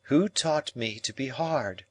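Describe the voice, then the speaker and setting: A man reading an audiobook, voicing a proud, cool young woman who speaks in measured, cutting reasoning. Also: mid-range voice, dry recording, pitched above the performer's own voice.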